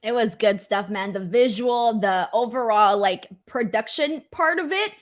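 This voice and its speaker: A woman's voice: fairly high pitch, expressive, unhurried. A woman hosting a casual wrestling recap, chatty and enthusiastic, with plenty of filler words. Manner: chatty, enthusiastic, lots of likes. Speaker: host.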